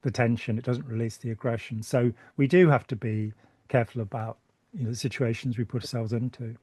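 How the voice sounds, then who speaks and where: A British man hosts a relaxed conversation, wandering from point to point with wry jokes and false starts. His voice sounds a little worn by the end. The sound is dry and close. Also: mid-range voice, brisk, breathy edge, no echo. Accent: British English. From Britain. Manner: rambling, joking, stumbles and repeats words. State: voice tiring. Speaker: channel host. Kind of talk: casual conversation.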